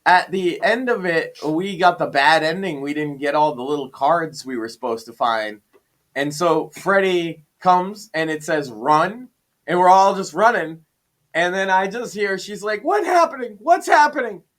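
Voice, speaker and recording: A man's voice: on the high side, unhurried. A man on a podcast, casually retelling a gaming story and acting out his own lines. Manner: animated retelling, acts out his own quotes. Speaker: podcast guest.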